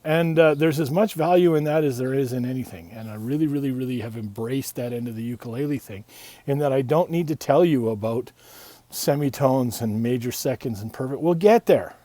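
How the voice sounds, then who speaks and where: A man with a medium-pitched voice teaching a casual music lesson. He is chatty and rambling, and keeps posing rhetorical questions before answering them himself. The recording is dry and close, with no room sound. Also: fairly quick, warm tone, dry recording.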